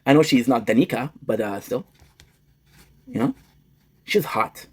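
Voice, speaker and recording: A man's voice: medium pitch, sing-song, measured pace, breathy edge. A young man streaming, joking crudely and rambling as he switches between English and French. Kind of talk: casual joking chat.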